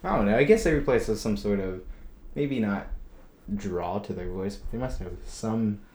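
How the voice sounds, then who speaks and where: A man's voice: fairly low pitch, expressive, normal speed, darkish tone, a little hiss or hum. Rambling young man in an echoey room. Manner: rambling, laughing, many "like" fillers. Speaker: guest. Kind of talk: casual chat. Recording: roomy echo.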